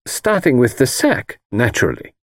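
A man's voice: medium pitch, wildly swooping pitch, normal speed, vocal fry, no echo, studio quality, full character voice. A man voicing a confident, cheerful young woman in an audiobook reading, breezy and a little teasing. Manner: breezy, self-assured, teasing.

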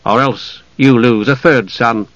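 A man's voice: mid-range voice, measured pace, fairly bright tone, no room sound, muffled recording, close to an everyday voice. A man reading an audiobook, voicing a cold, sardonic knight with a clipped delivery.

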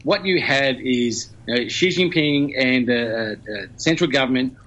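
A man's voice: mid-range voice, normal speed, a bit bright, lo-fi sound. A man giving conversational news commentary on the radio, explaining at length with many fillers.

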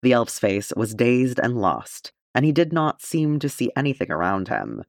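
A man reading fan fiction aloud as an audiobook in an expressive, measured manner. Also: mid-range voice, vocal fry, no echo, clean studio sound. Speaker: audiobook reader.

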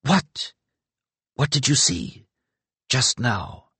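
A man's voice: mid-range voice, expressive, extremely slow, a bit bright, breathy edge, no echo, voice pushed up, full character voice. A man voicing an earnest young shaman who speaks breathlessly and urgently in an audiobook.

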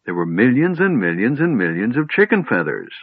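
A man voicing an eager, chatty male kender who tells tales excitedly and stammers at times. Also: medium pitch, a little fast, slightly rough, no echo. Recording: tinny phone-like line, dry.

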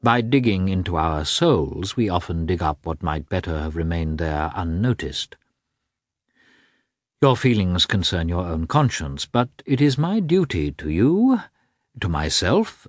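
A man voicing a stiff middle-aged husband who speaks coldly, calmly and with deliberation. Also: deep voice, no echo, clean studio sound, full character voice. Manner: cold, calm, deliberate.

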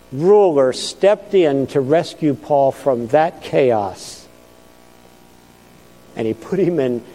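A man's voice: on the high side, dark tone. A man, a pastor, preaching a sermon in an earnest storytelling manner. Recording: long hall reverb.

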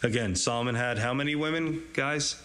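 A man's voice: medium pitch, fairly quick, sharp tone. A man teaching a casual, conversational verse-by-verse sermon, with lots of "you know" asides and frequent chuckles. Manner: conversational, chuckles often, many fillers and asides. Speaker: pastor teaching a Bible study.

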